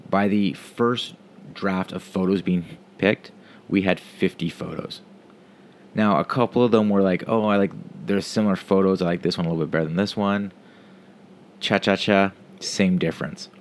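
Low-pitched guy, loose profane delivery, restarts often, faint background hum. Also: fairly even intonation, normal speed. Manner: casual, profane, rambling with restarts. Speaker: parent telling a story. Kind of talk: casual storytelling monologue.

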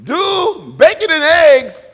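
A man in his fifties preaching a sermon, animated and often laughing as he acts out little dialogues. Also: very high-pitched, slow pace. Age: 50s. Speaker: pastor. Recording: long reverb of a large hall.

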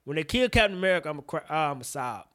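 A man in his thirties co-hosting a casual podcast, talking about movies in an animated, slangy, profane way. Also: on the high side, racing. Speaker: podcast co-host.

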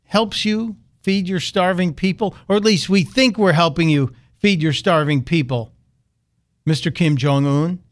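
Sarcastic male talk radio host. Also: high-pitched. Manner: sarcastic, mocking.

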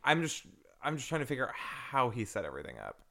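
A man's voice: mid-range voice, wildly swooping pitch, quick pace, creaky, fairly bright tone. Stammering young man poking at plot holes. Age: young adult. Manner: questioning, stammers into points, jokey asides. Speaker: podcast co-host. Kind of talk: casual movie review chat.

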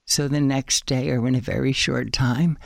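A man being interviewed, telling rambling, excited stories, a little out of breath. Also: medium pitch, moderate pace, vocal fry, dry recording, studio quality. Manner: enthusiastic, rambling, says "dude" a lot. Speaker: guest, store owner. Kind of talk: animated storytelling interview.

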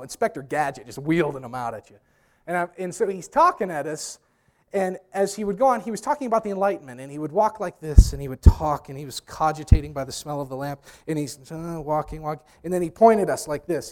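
A man preaching to his congregation in a slightly higher voice. He speaks emphatically and directly to his listeners. He mixes firm points with joking stories. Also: a little mellow. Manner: humorous storytelling asides. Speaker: pastor. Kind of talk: sermon.

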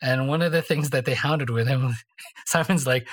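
A podcast co-host telling stories in a casual faith chat, mid-pitched and easygoing. The telling rambles and restarts, and keeps checking in with a quick "right?". It is a loose, conversational delivery. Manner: rambling storyteller, tags lines with "right?".

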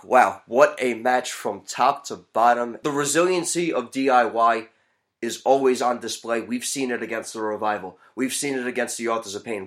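A man hosting a podcast, recapping wrestling matches in a play-by-play way and sometimes bursting into shouts. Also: mid-range voice, moderate pace. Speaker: podcast host. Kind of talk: excited wrestling podcast chat.

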